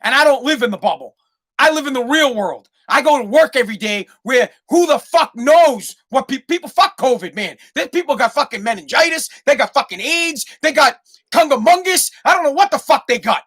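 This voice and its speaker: A man's voice: extremely high pitch, animated, a little fast, pushed and bright. Swearing, fired-up male podcast ranter. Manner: heated, ranting, swears constantly. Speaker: podcast host. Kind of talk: profane solo podcast rant.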